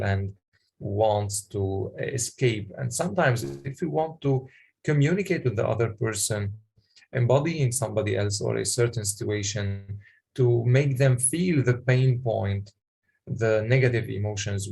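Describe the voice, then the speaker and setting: Man, gravelly voice, workshop presenter, halting explanations, questions to the audience. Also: lowish voice, a little mellow. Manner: halting, explanatory, many fillers.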